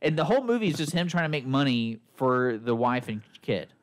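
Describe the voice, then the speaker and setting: A middle-aged man chatting on a movie podcast, voice sitting at an ordinary middle pitch. He recaps plots in an animated way and slips into little acted-out quotes. The talk is loose and casual among friends. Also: fairly quick. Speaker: podcast host reviewing movies. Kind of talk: casual chat.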